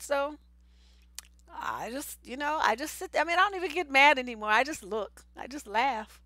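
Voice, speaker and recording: A woman's voice: high-pitched, animated, moderate pace, pushed and bright, no echo. A woman giving blunt, slangy relationship advice in a casual live stream. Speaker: relationship coach.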